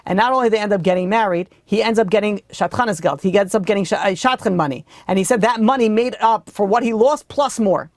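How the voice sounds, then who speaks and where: A man's voice: high-pitched, fast talker, few pauses, dry recording, studio quality. A man, a rabbi teaching a weekly class, telling a story conversationally with many fillers and acting out the dialogue. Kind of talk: storytelling lesson.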